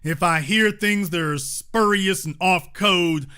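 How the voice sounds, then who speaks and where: A man hosting a commentary show, delivering an animated monologue in a blunt, emphatic, repetitive way. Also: high voice, takes it slowly, clear, resonant tone.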